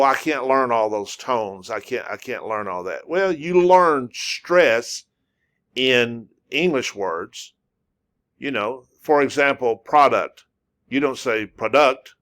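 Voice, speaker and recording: A man teaching a spoken lesson in a halting, casual way, with many fillers and restarts, drawing out sounds to demonstrate them. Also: mid-range voice, a bit bright. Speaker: language teacher.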